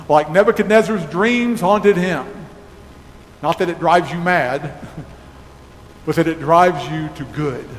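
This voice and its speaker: A man pastor giving a sermon in a church, preaching slowly and emphatically and closing in prayer. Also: high voice. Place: church sanctuary. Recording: echoey hall with faint noise.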